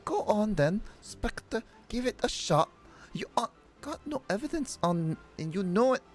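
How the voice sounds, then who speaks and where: A man's voice: sits high, very animated, unhurried, soft background music, pitched above the performer's own voice. A man voicing a cheeky, defiant young girl, taunting and cocky.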